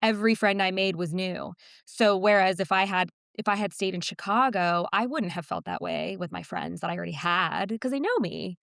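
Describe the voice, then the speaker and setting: 30s woman podcasting, candid and self-deprecating, mid pitch, dry close sound. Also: normal speed, gravelly, dry recording. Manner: candid, self-deprecating, animated when quoting herself. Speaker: podcast co-host. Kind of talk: casual chat.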